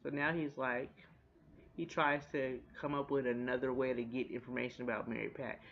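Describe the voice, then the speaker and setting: A man giving a casual, animated recap of a TV episode. He talks in a chatty way, swears freely and laughs along with the jokes. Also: medium pitch, moderate pace, vocal fry, muffled recording. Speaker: TV recap host.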